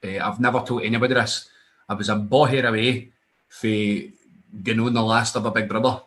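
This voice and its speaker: A young Scottish man tells stories in relaxed, profane chat. He gets animated and slips into other people's voices as he recounts what they said. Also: on the low side, a little fast. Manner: animated, swearing, acts out other voices in his anecdotes. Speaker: guest wrestler. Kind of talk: casual storytelling chat.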